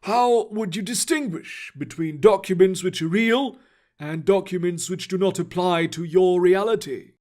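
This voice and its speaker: An ancient librarian, old and wry, with a raised, unhurried voice full of calm amusement, as a man reads him aloud. Nothing rattles him, and he speaks as if he knows far more than he says. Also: high voice. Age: older.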